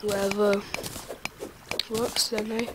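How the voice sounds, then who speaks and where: A young adult gamer giving let's play commentary, excitable and talking to themself while playing. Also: mid-range voice, slow, heavy background noise. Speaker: gaming video creator.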